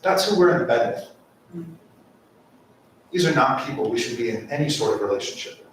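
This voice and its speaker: A man's voice: mid-range voice, animated, brisk, slight background noise. A man giving an impassioned public comment at a city council meeting, asking rhetorical questions. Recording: echoey council chamber mic from far off.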